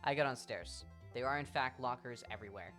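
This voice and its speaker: A streamer with an English accent telling a story to their chat in a casual, animated way, swearing freely and acting out what people said. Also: medium pitch, fairly quick, faint music behind. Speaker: livestreamer.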